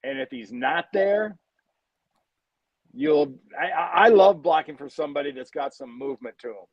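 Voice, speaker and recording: An older man in his sixties, a former player chatting as a guest. His somewhat high voice comes through a dull, dry remote line, and he talks bluntly and candidly, telling stories with relish. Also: moderate pace, dry recording. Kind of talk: casual interview chat.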